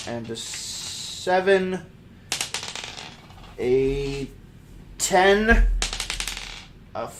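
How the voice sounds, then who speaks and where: A man's voice: a little high, a little hiss or hum. A man hosting a casual tabletop character-building show, reading out dice rolls in an easygoing way. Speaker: podcast host, character builder.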